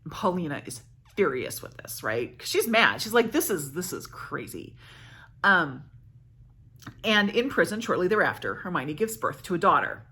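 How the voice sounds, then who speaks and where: Chatty woman vlogger, husky lowish voice, lots of pitch swing. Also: very animated, normal speed, pushed and bright. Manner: chatty, self-correcting. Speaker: book vlogger. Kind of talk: casual plot summary.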